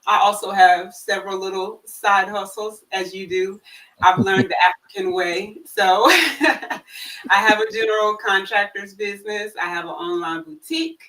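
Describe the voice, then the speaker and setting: Calm woman guest on a distant call. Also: mid-range voice, normal speed. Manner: calm, warm-humored, occasional laughs. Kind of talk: casual chat.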